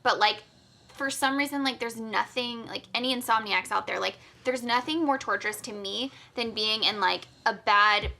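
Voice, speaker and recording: A woman's voice: a little high, normal speed, vocal fry, pushed and bright, a little hiss or hum. A woman co-hosting a podcast, chatting candidly and casually with many "like" fillers. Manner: candid, filler-heavy, frequent "like". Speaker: podcast co-host. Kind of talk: casual conversational chat.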